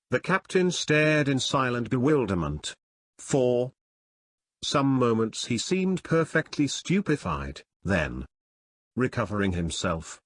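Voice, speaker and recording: A man narrating a classic adventure novel in a measured, expressive reading. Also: medium pitch, breathy edge, no room sound, clean studio sound. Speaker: audiobook narrator. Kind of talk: scripted narration.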